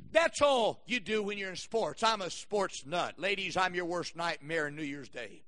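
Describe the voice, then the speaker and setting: High-voiced man preaching a fiery sermon. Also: animated, normal speed, hardly any pauses. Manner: emphatic preaching that swings between shouted peaks and quiet asides. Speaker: pastor.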